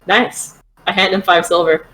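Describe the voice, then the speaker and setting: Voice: medium pitch, fairly even intonation, normal speed, sharp tone, poor audio. A player in a tabletop game who gives short, agreeable in-character replies.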